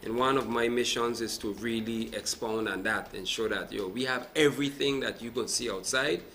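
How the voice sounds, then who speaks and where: A man's voice: medium pitch, normal speed, slight background noise. A man from Sint Maarten, a businessman and event producer, explaining his views animatedly as a guest on a live TV talk show. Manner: animated, explains with examples and asks "right?".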